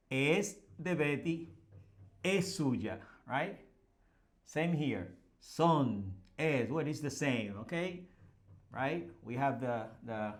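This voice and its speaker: A man teaching a Spanish lesson, explaining each phrase patiently and repeating the examples with rising emphasis. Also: medium pitch. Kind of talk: slow language lesson.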